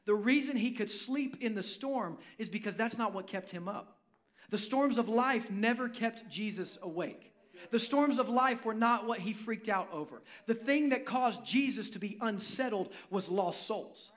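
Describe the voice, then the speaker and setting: A male pastor preaching a sermon, impassioned, dropping his voice low for emphasis. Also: normal speed, fairly bright tone. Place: church.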